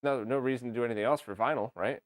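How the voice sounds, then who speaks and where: Smooth-voiced man teasing his guest. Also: medium pitch, rapid-fire, no room sound, clean studio sound. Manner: teasing, easygoing. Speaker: host. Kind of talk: casual chat.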